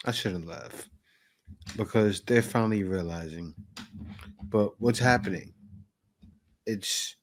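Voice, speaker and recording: Slow-talking man reacting to clips. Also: lowish voice. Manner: laughs, repeats phrases, sings bits. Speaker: reaction video host. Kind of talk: casual commentary on clips.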